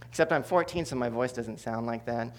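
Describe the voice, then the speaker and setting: A man preaching a sermon, telling a personal testimony with humor, swinging between loud bursts and hushed asides. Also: mid-range voice, brisk.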